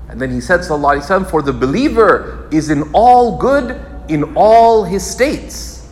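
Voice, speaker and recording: A man delivers a religious teaching in a fairly high voice that rises and falls a great deal. He repeats key phrases for emphasis. The sound carries a long hall reverb over a faint background hum. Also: sing-song, normal speed, fairly bright tone. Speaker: Islamic scholar teaching. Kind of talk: lecture sermon.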